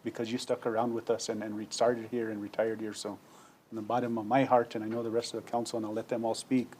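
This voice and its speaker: A man on a city council making a sincere tribute speech, halting and full of filler words. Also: lowish voice, little pitch movement, a little mellow, a little hiss or hum.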